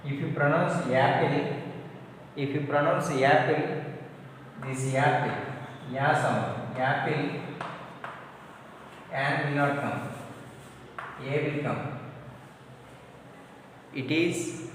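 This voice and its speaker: A man's voice: mid-range voice, slow pace, long pauses, a bit bright, a little hiss or hum. A man teaching grammar, repeating example phrases aloud in a drilling classroom manner, recorded in an echoey hall from a distance. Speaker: English teacher.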